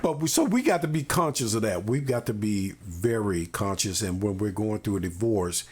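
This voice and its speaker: A man's voice: lowish voice, expressive, moderate pace, breathy edge. A man hosting a parenting podcast, talking earnestly and emphatically with folksy asides. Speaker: podcast host. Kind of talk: conversational interview.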